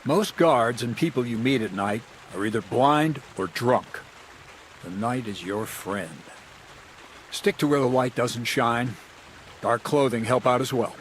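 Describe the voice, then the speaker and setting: In studio-recorded video game dialogue, a male actor voices a wry, scheming thief who mentors others, handing out advice with dry mockery. His medium-pitched voice is unhurried and fairly ordinary, with a slight hiss or hum, and his tone is instructive, mocking and conspiratorial.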